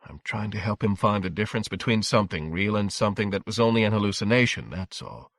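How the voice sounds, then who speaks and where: A man's voice: on the low side, expressive, quick pace, vocal fry, fairly bright tone, no room sound. A man reading aloud, voicing a tense father who questions sharply. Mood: strained. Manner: clipped, interrogating. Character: tense, menacing father unraveling.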